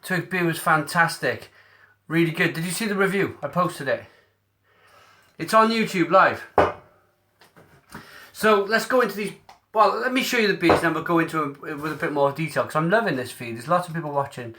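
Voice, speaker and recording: A man hosts a casual live stream, talking straight into his mobile phone. His voice sits a little high and sounds bright and forceful. He stays chatty and upbeat, answering viewers' comments aloud as he goes. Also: normal speed, pauses often, slight background noise. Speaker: beer reviewer streaming live. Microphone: mobile phone camera.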